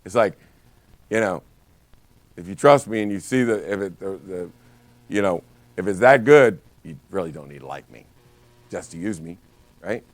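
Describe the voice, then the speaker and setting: Low-voiced man coaching agents. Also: moderate pace, long pauses, no room sound, faint music behind. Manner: energetic storytelling with many restarts. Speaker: real estate brokerage trainer. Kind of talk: live training talk.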